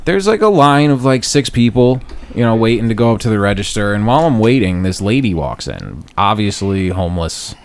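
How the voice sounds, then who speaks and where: A man co-hosting a podcast in the studio tells a crude story, swearing and laughing often and acting out quoted voices loudly. His voice is lowish and sing-song, with a brisk pace.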